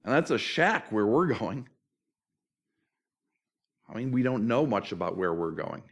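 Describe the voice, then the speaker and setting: A middle-aged man preaching a sermon, conversational and lively, tossing in rhetorical questions and quoted asides. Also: on the low side, unhurried. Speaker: pastor.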